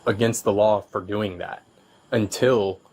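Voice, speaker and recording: A man working as a police officer, patiently explaining things to a resident with many halting restarts, recorded on his bodycam. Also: fairly low pitch, fairly even intonation, a little mellow. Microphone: his own bodycam.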